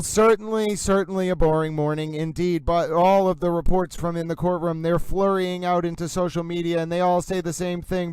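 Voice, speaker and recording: A man's voice: a little high, clear, resonant tone, no room sound, low-quality recording. A man hosting a live stream, commenting in a theatrical, mock-grandiose way. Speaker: livestream host.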